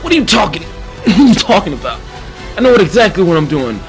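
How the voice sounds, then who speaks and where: A man voicing his own cocky, bullying alter ego, taunting in a low growl over gameplay. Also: very animated, fast, music in the background. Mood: gloating. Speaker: video game commentator.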